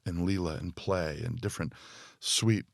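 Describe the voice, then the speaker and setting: A man speaking as a podcast guest and spiritual teacher, thoughtful and full of fillers, growing more animated as he explains. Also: low voice, normal speed, vocal fry, no room sound, clean studio sound. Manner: thoughtful, speaks in loose phrases with many fillers. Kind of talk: reflective podcast conversation.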